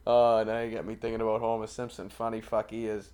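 A man's voice: on the low side, little pitch movement, fast, darkish tone, clear, resonant tone. A man co-hosting a podcast in crude casual banter, swearing and laughing often. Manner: profane, laughing, retells scenes with voices. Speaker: podcast co-host.

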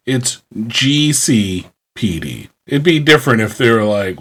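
Chill podcast dude, middle-pitch voice, lotta "like"s, just kinda riffing. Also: male voice, unhurried. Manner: relaxed, filler-heavy joking. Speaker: podcast co-host. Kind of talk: casual chat.

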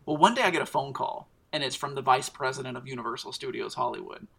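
A man telling a long personal story in casual chat, animated and acting out what others said. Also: mid-range voice, quick pace, creaky. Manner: animated storyteller, acts out quotes. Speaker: storytelling guest.

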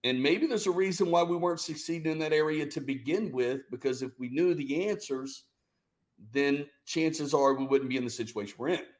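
A man's voice: on the high side, brisk. A man, a business founder and guest, telling stories in a casual interview and acting out the dialogue. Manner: animated, acts out quoted dialogue.

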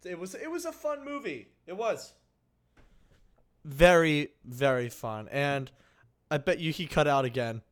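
A man's voice: on the high side, lively intonation, unhurried, long pauses. A man co-hosting a casual podcast from his own mic, playful and mock-dramatic. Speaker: podcast co-host. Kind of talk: casual chat. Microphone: mic with mute button.

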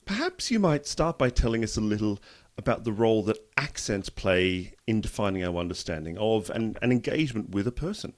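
Guy interviewer, formal intro then stumbly questions, slightly low voice. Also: sing-song, a little fast. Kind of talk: interview hosting.

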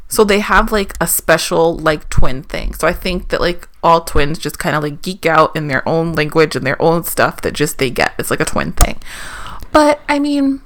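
A woman's voice: low voice, animated, moderate pace, a bit bright. A woman co-hosting a podcast, chatting upbeat and easy, with lots of filler words. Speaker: podcast co-host. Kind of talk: casual chat.

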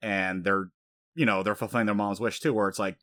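A man's voice: fairly low pitch, fairly quick, no room sound. A man casually recapping an anime plot, telling it animatedly with many fillers. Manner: animated storytelling, frequent fillers.

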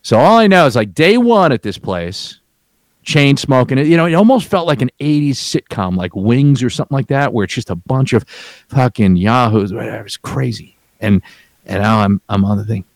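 A man's voice: medium pitch, expressive, moderate pace, gravelly, no room sound. A man telling a rambling, profanity-laced work story in casual chat, with frequent restarts.

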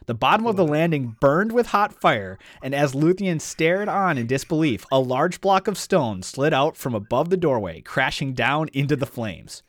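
A man co-hosting a podcast, recapping a fantasy book in casual chat and reading passages aloud, animated and full of "like" fillers. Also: fairly high pitch, normal speed, hardly any pauses, no room sound. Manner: animated storyteller, frequent "like" fillers.

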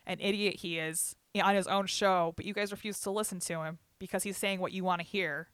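A young woman co-hosting a podcast, venting bluntly with lots of swearing and telling animated stories between laughs. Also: medium pitch, brisk, clear, resonant tone, dry recording. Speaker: podcast co-host. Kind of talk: casual chat.

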